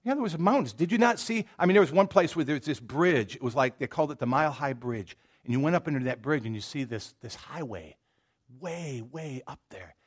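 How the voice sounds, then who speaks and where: A male pastor with a drawl preaches to his congregation in a casual, storytelling manner, trailing off into asides and restarting his sentences. His voice sits a little high for a man. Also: animated, a little fast, breathy edge. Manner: folksy and conversational, with many restarts and asides. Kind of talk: sermon. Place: church sanctuary.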